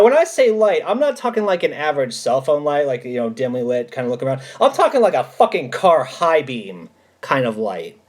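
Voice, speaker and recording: A man hosting a casual livestream, answering chat and telling stories in an emphatic, animated way with plenty of swearing. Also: a little high.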